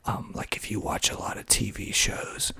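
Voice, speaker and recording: A man from Georgia with a Southern accent, whispering slowly and softly into a close mic in an ASMR video, with fillers along the way. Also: no echo. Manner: slow, soft-spoken whispering with fillers. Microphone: close mic, pops on plosives.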